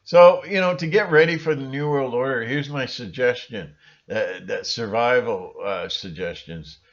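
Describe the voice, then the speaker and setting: A man hosting his own channel, talking in a rambling, sarcastic monologue with sudden shrill outbursts. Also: normal speed, muffled recording. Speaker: channel host.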